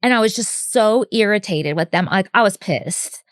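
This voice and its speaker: A woman's voice: mid-range voice, animated, moderate pace, dry recording, clean studio sound. A middle-aged woman co-hosting a podcast, telling stories in a rambling, casual way full of "like". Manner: rambling, heavy use of "like". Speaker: podcast co-host. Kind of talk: casual chat.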